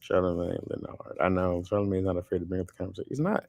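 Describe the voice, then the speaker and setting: This livestream host speaks in a low, creaky voice and talks fast, with no echo on the recording. He's reading viewer comments and chatting casually, telling stories bluntly and with animation while laughing often.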